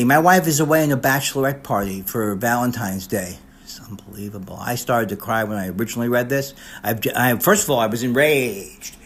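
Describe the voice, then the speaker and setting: A man's voice: medium pitch, breathy edge. An older man, a comedian, doing a mock roast in a rambling comic monologue, often cutting himself off and restarting his sentences with sarcastic asides. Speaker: comedian recording a personalized video message.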